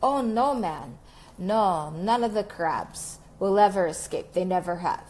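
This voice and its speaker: A man's voice: high voice, lively intonation, unhurried, darkish tone. A woman voicing an easygoing man who catches crabs by a harbor, explaining matter-of-factly. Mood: reassuring.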